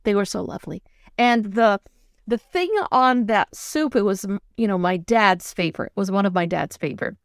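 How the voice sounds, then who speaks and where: Animated storytelling woman, dry room. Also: medium pitch, normal speed, no room sound. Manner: animated storytelling, gets emotional. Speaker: co-host. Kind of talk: casual chat.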